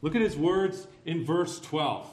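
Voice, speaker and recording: Man, sermon, emphatic, sarcastic asides, slightly high voice, echoey hall. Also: animated, unhurried. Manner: emphatic, building to forceful declarations. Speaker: pastor.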